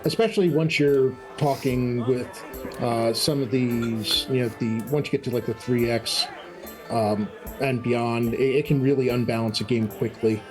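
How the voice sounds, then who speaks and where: A man co-hosting a live tabletop gaming talk show, speaking haltingly with many restarts. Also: medium pitch, steady tone, music in the background. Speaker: co-host. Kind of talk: casual livestream chat.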